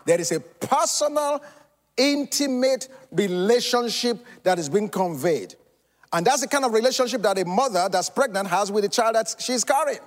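A man preaching a Sunday sermon, with dramatic pauses, repetition and questions to the congregation. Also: high voice. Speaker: pastor. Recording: long hall reverb.

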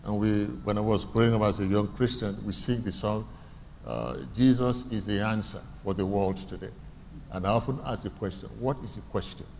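A man's voice: fairly low pitch, animated, normal speed, darkish tone, a little hiss or hum. A man preaching a sermon in a church hall. He asks the congregation questions and repeats his key phrases. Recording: long reverb from a hall, faint ambience.

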